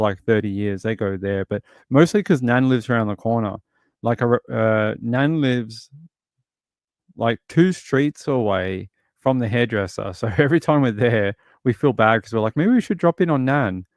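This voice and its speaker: A man's voice: lowish voice, normal speed, no room sound, studio quality. An Australian man hosting a livestream, chatting casually and rambling through stories while answering viewers. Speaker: livestream host.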